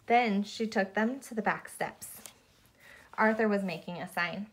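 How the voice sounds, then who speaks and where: A woman reading a children's picture book aloud to a child at home, in a gentle storytime manner with small slips. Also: medium pitch, unhurried.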